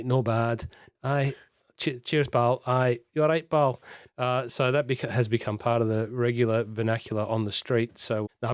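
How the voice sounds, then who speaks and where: A middle-aged Australian man chats casually on a podcast, rambling and poking fun at himself. His mid-pitched voice sounds close and dry, with no room around it. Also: a little mellow, dry recording. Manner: rambling, self-deprecating, many fillers and restarts. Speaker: podcast co-host. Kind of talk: casual chat.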